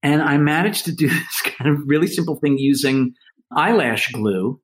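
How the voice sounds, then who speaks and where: A man's voice: a little high, moderate pace, poor audio. Middle-aged man telling rambling, self-mocking stories. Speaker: actor guest. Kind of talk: casual interview chat.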